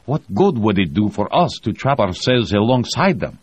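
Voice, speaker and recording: A man's voice: lowish voice, very animated, normal speed, slightly rough, dry recording, pitched above the performer's own voice. A man voicing a cautious, wry rover pilot in an audiobook, speaking in wary, ironic questions. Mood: doubtful. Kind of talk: audiobook reading. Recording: dull lo-fi audio.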